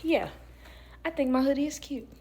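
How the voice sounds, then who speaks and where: A woman telling a casual storytime, animated, quoting people in lively voices and laughing often. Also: sits high, normal speed, slight background noise. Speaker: storyteller vlogger.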